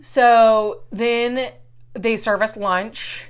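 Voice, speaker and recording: A woman's voice: a little high, very slow, clear, resonant tone. A woman co-hosting a podcast, telling a story in casual chat, swearing freely and acting out what people said. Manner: profane, animated storyteller acting out quotes.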